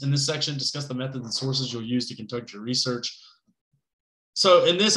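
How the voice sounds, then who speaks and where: Male college instructor, bright tone, loose chatty delivery, roomy echo. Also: mid-range voice. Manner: casual, conversational, lots of fillers and "right?" checks; joking asides. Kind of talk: recorded class lecture.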